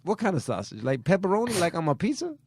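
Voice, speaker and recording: A man co-hosting a comedy podcast in casual chat, incredulous and quick to laugh, often cutting in with questions. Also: sits high, very animated, darkish tone, husky, no echo, clean studio sound. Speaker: podcast co-host.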